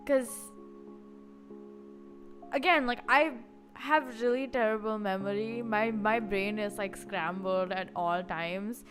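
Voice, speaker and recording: A woman's voice: a little high, fairly bright tone. A woman streaming casually, rambling and chatty with lots of filler words. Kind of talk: casual live-stream chat.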